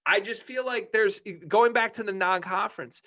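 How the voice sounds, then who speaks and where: A young man co-hosting a sports podcast, his voice sitting a little high for a man. He rants with fired-up, profane energy and builds each point toward a heated peak. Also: moderate pace, pushed and bright. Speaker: podcast co-host. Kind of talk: casual sports podcast chat.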